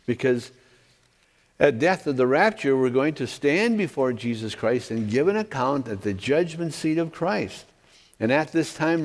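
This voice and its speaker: A man's voice: mid-range voice, a little mellow. A man preaching an expository sermon, stressing key words and checking in with his listeners. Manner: emphatic, stresses key words, asks 'okay?'. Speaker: pastor. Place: church hall with overhead projector. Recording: long hall reverb.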